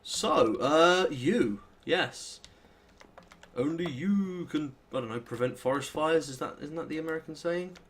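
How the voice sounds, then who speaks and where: Rambling British lad narrating gameplay. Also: male voice, fairly high pitch, moderate pace, few pauses, a bit bright. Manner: rambling, self-deprecating, thinks aloud while playing. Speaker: let's play host. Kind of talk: casual gameplay commentary.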